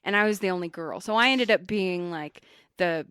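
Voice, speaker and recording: Bright-voiced woman telling work stories. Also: lowish voice, normal speed, clear, resonant tone, dry recording. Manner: animated, swears freely, acts out quotes. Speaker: podcast co-host. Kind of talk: casual storytelling chat.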